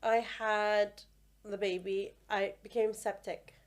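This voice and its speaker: A woman's voice: mid-range voice, flat delivery, slow pace. A young woman, a midwife guest, talking in a matter-of-fact, explanatory way. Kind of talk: casual chat.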